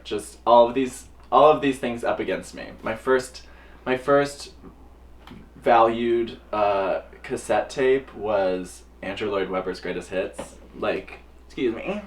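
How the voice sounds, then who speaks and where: Young man, drag performer, mid-pitched, animated storyteller who acts out quotes, recorded a bit off-mic. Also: slow pace. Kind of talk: casual storytelling to camera. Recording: voice a little distant from the mic.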